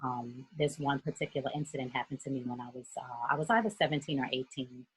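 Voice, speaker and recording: Woman, very husky, low voice, earnest storyteller, video call. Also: quick pace, poor audio. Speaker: youth mentor. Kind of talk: personal story in a group discussion.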